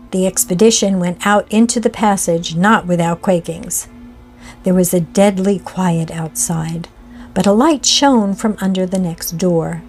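A woman narrating a classic ghost story in a slow, measured reading voice. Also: mid-range voice, darkish tone.

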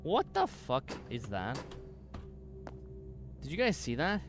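A man streaming a video game, reacting out loud in an excitable way, swearing and jumping to sudden shouts. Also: a little high, slow pace, pauses often, faint music behind. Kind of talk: gaming livestream commentary.

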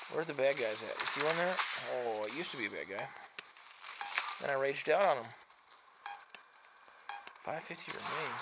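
A man hosting his gaming channel, giving chatty, self-mocking commentary while he plays, swinging between mumbling asides and loud frustrated outbursts. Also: on the high side. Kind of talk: casual gameplay commentary. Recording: noisy background.

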